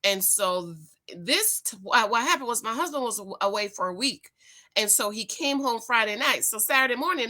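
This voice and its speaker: A middle-aged woman, a commentary vlogger, chats casually with her viewers, reads a news item aloud, and tells a personal story. As a chatty storyteller, she acts out the exchanges with rising pitch. Her voice is animated and sharp, at a moderate pace.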